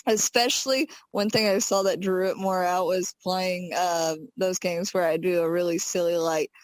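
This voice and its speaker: A woman's voice: on the low side, steady tone, normal speed, no echo. A woman with a Southern American accent trades easygoing, laughing banter on her podcast. She is recorded close and dry, with no room sound around her. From Southern United States. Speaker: podcast co-host. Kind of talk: casual chat.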